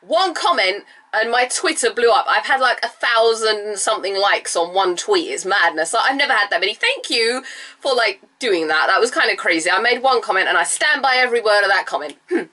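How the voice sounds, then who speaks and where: A woman with a cold, slightly nasal and raspy, chatting casually as she recaps a TV episode, her pitch leaping up when she gets excited. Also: a little fast. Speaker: vlogger reviewing a TV episode.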